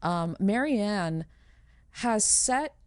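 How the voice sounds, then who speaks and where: A woman's voice: mid-range voice, expressive, very slow, smooth, dry recording. A woman runs a tabletop role-playing session, describing scenes in a loose, chatty way full of fillers and laughter. Her voice sits in a middle register and is recorded close and dry. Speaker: game master. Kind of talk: narrating a tabletop game.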